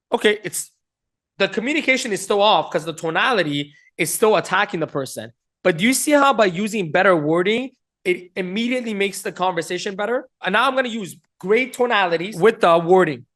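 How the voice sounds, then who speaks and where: This male sales trainer has a high, slightly bright voice. Teaching sales communication to camera, he addresses viewers directly and acts out sample questions to demonstrate tone.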